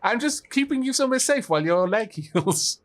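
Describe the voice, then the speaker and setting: A man's voice: sits high, lively intonation, fairly quick. Man chatting through co-op gameplay. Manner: chatty, giggly, apologetic banter. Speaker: gaming channel host. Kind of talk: co-op gameplay commentary.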